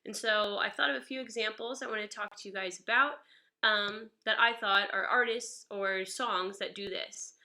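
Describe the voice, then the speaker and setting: Upbeat woman teaching guitar, bright voice. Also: mid-range voice, fairly even intonation, moderate pace. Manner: chatty and upbeat, greeting viewers by name. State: stuffy nose. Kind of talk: live-streamed guitar lesson. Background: guitar playing.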